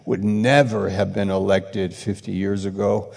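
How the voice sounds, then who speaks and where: A man's voice: lowish voice, level tone, measured pace, vocal fry, a little mellow, big-room sound. A man preaching a sermon, emphatic and repetitive, pressing his rebukes with growing intensity.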